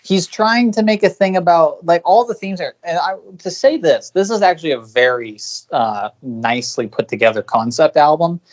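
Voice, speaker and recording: A man's voice: fairly high pitch, animated, normal speed, few pauses. A man with an American accent co-hosting a podcast, giving opinionated, rambling music reviews with restarts and swearing. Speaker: podcast co-host. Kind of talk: casual music review chat.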